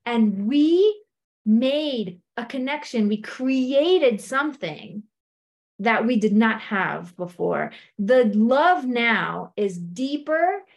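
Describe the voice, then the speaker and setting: Animated woman giving a marriage talk. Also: on the high side. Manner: animated, acts out quoted voices, frequent "like" and "okay?". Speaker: speaker addressing a women's group.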